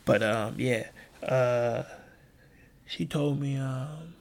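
A young man hosting a personal podcast, talking in a subdued, halting way with lots of fillers, restarts and casual slang. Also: vocal fry. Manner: subdued, low-key delivery. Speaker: podcast host.

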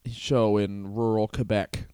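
A man's voice: on the low side, little pitch movement, measured pace, warm tone, clear, resonant tone, dry recording. Rambling, laughing young man in banter. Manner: rambling, laughing, swearing, puts on silly voices. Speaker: podcast co-host. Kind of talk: casual podcast banter. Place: living room.

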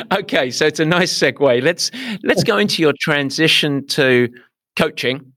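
A man's voice: fairly high pitch, animated, moderate pace, fairly bright tone, dry recording, studio quality. A man with an English accent hosting a podcast, chatting casually and often repeating words as he thinks. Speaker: podcast host. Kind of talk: casual conversational interview.

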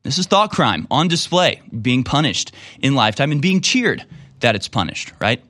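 A man comments on a clip he has just played. His voice sits at an ordinary middle pitch, and he talks in a sarcastic, emphatic way. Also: sing-song, moderate pace, bright, forceful tone, no echo. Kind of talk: casual commentary.

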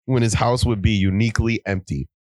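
A man's voice: on the low side, steady tone, brisk, darkish tone, no room sound. A man co-hosting a podcast, reading a story aloud in casual chat and laughing often as he goes. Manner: laughs often while reading, loose and joking. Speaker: podcast co-host. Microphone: podcast microphone.

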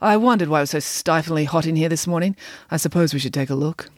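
A woman's voice: low voice, quick pace, a little mellow, dry recording, studio quality, close to an everyday voice. A woman voicing a grumpy, vain male art teacher who talks in a brusque, dismissive way, read in a storybook. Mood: gruff.

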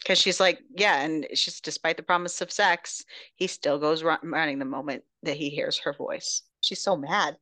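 A woman's voice: low voice, normal speed, no echo. Dry-voiced woman recapping a novel. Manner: animated, swearing. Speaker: podcast host. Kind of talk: casual book recap.

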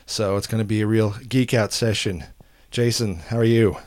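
A man's voice: lowish voice, steady tone, moderate pace, a little mellow, dry recording, clean studio sound. A man hosting a podcast, talking casually and enthusiastically with a friend, often restarting his sentences. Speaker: podcast host. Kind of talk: casual chat.

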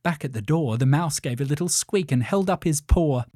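A man narrating a children's storybook in a gentle, measured way. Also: fairly high pitch, dry recording, studio quality.

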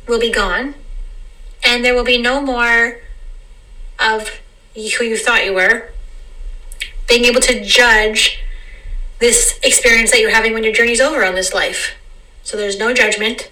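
Woman vlogger, fairly high bright voice, rambling reflective monologue, mic a bit distant. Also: steady tone. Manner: meandering, repeats phrases, slows down to stress words.

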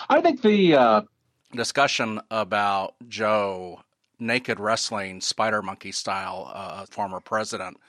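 A man's voice: on the low side, expressive, takes it slowly, fairly bright tone, no echo, studio quality. A man guesting on a podcast, chatting casually and laughing often at himself. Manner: self-deprecating, laughs often. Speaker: podcast guest, radio journalist. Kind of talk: casual chat.

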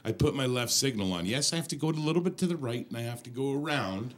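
A man hosting a casual chat, telling stories with lively acted-out quotes. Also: mid-range voice, quick pace. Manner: animated storyteller, acts out quotes. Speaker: host.

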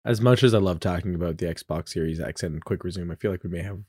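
A man's voice: sits low, warm tone. A man co-hosting a podcast, speaking with enthusiasm in a casual chat. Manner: enthusiastic, rapid talker. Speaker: podcast co-host.

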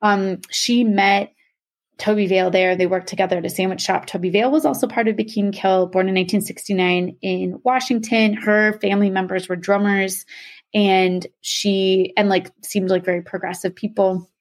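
With a steady, mid-range voice at a moderate pace, a young adult woman talks a co-host through a topic. It's a casual podcast, and she's chatty, constantly saying "um" and "like."

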